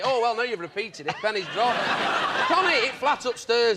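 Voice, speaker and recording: A man telling animated anecdotes on a chat show, mimicking voices and laughing often. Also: very high voice, normal speed, pauses often. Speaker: comedian guest. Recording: studio audience laughter, noisy.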